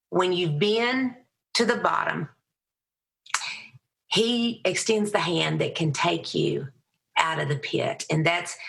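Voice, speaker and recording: A middle-aged woman with a heavy Southern accent, a Christian motivational speaker telling lively stories as a podcast guest. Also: vocal fry. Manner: animated storyteller, raises her voice high for quoted people. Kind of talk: storytelling interview answer.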